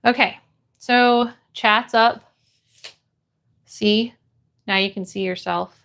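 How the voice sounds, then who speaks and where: A young woman chatting casually on a live stream, reading chat aloud and greeting viewers with bright, bubbly hellos. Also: medium pitch, fairly even intonation, slow, vocal fry, clear, resonant tone.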